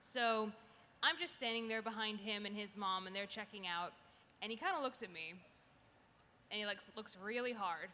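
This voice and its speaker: A woman's voice: mid-range voice, moderate pace, bright, forceful tone. A woman telling stories on a convention panel in a casual, chatty way, full of fillers and restarts. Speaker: animation youtuber panelist. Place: large convention hall. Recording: distant reverberant hall, faint noise.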